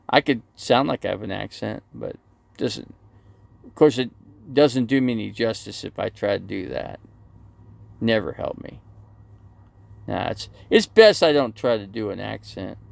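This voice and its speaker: A man's voice: medium pitch, animated, normal speed, vocal fry, long pauses, no echo. A man on a casual live stream, rambling as he reads viewer comments aloud and answers them, outdoors near a busy road. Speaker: RV channel livestreamer.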